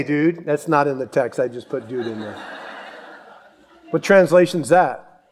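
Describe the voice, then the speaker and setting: Animated preacher man. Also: fairly high pitch, moderate pace, long pauses. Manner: animated storytelling, acts out voices and yells. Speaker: pastor. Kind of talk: sermon.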